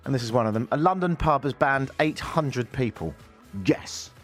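A man's voice: medium pitch, expressive, moderate pace, faint music behind. A man with a Canadian accent hosting a talk radio show, mocking the news with dry humor. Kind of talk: sarcastic talk radio monologue. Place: radio studio.

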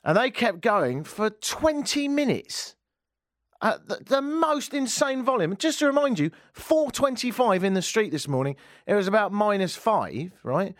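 A man's voice: high-pitched, very animated, unhurried, no room sound, studio quality. A man hosting a live talk radio show, telling a comic story with self-mocking jokes. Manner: jokey, self-mocking storytelling, jumps between loud and hushed. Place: radio studio.

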